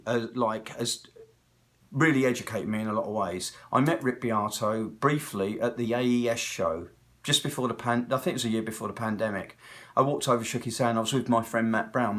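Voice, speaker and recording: A man in his sixties with a British accent talks to the camera in a loose, unscripted monologue. He is a chatty storyteller who drifts from one tangent to another. His pitch sits in the middle for a man. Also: fairly bright tone. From Britain. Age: 60s. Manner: digressive, talkative, tangent-hopping storyteller. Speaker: guitar technician. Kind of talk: casual rambling monologue.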